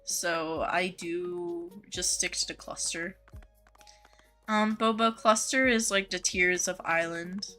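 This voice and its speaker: A woman's voice: lowish voice, slow pace, bright, forceful tone, faint music behind. A woman game streamer chatting casually with her viewers, full of "um" and "like" and easy laughs. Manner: chatty, filler-heavy with frequent 'like' and 'um', easy laughs. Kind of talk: casual live-stream chat reading chat messages.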